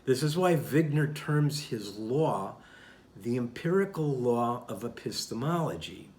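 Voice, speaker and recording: Deliberate, didactic male narrator. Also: medium pitch, expressive, darkish tone. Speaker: channel host. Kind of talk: scripted narration of a rebuttal.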